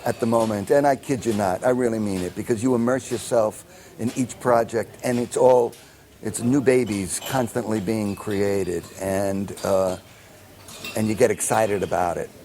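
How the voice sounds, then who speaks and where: A man's voice: lowish voice, moderate pace, a little hiss or hum. An older man, a composer telling a long anecdote and acting out the people in it, with many fillers and restarts. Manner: animated storyteller acting out quoted dialogue, many fillers and restarts. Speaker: film composer. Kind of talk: anecdotal storytelling in an interview.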